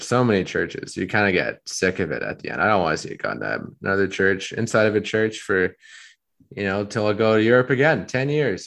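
Deep-voiced man rambling casually. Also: vocal fry. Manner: rambling, deadpan storytelling with many fillers. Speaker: podcast co-host. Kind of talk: casual chat.

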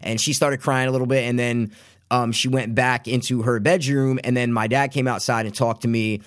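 A man in his twenties casually telling a long personal story, rambling and animated, with lots of quoted asides. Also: medium pitch, normal speed, dry recording, clean studio sound. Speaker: podcast guest.

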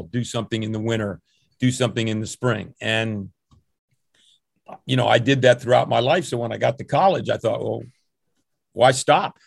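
A man's voice: medium pitch, creaky, no room sound. An older man, a longtime swim coach, recalling his youth in a rambling, anecdotal interview. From New Jersey, USA. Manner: rambling and anecdotal, with restarts and chuckles. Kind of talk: relaxed interview storytelling.

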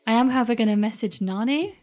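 A woman's voice: fairly high pitch, quick pace, darkish tone, soft background music. A woman playing a character in a tabletop game, talking casually and a little hesitantly. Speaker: player. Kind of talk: tabletop role-play chat.

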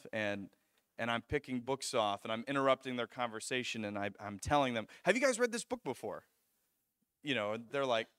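A young man gives a sermon through a personal story, his voice bright and forward. He tells it with animation, stumbling and restarting as he goes. The sound is dry and close. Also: mid-range voice, clear, resonant tone, no room sound. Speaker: preacher.

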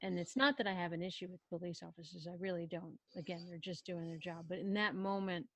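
In a lowish voice and at a fast clip, a woman animatedly recounts something personal in casual chat. She performs the lines she quotes and frequently cuts herself off to begin again, on a dry recording.

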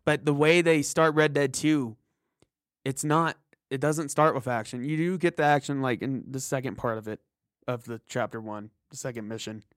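A man's voice: medium pitch, normal speed, no echo, clean studio sound. A man co-hosting a podcast, chatting casually about a video game, rambling and restarting his sentences. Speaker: podcast co-host.

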